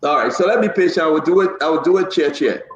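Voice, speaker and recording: A man hosting a talk show panel, brisk and interrupting to steer the talk. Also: fairly high pitch, expressive. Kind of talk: moderating a panel. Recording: echoey, dull sound.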